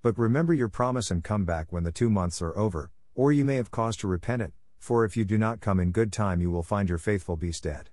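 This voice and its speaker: A man's voice: fairly low pitch, fairly quick, hardly any pauses, darkish tone, no echo, lightly acted. A man reading as a doleful pleading beast. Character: sorrowful gentle male beast, pleading.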